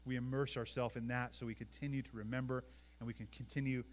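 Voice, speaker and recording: A man's voice: mid-range voice, level tone, fast talker. A man preaching a sermon as pastor, emphatic, often asking "right?" and repeating words, acting out quoted voices with big swings in volume.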